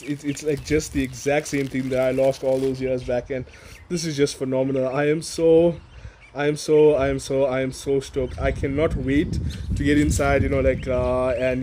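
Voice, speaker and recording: A man in his thirties from Africa, gushing excitedly in a casual outdoor unboxing vlog, repeating words and laughing often. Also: mid-range voice, moderate pace, slight background noise. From South Africa. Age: 30s. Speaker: toy reviewer. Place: outdoors in a yard.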